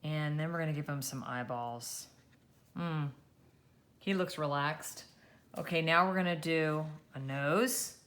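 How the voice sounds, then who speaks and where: Female art teacher for a kids' drawing lesson, slightly low voice, gentle and encouraging as she draws. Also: a little slow.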